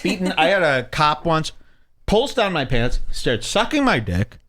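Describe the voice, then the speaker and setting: A middle-aged man from the Chicago suburbs hosting a casual podcast. His voice sits a little high and swings widely in pitch as he tells stories. He acts out the quotes in the stories with loud, punchy delivery. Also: unhurried. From Chicago suburbs, USA. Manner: animated storyteller, acts out quotes. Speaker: podcast host.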